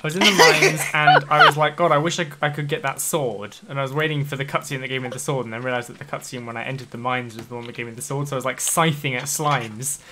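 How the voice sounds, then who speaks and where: A man's voice: medium pitch, steady tone, quick pace, few pauses, crowd noise. A man chatting while gaming, telling self-mocking stories. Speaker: gamer co-host. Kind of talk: casual gaming chat.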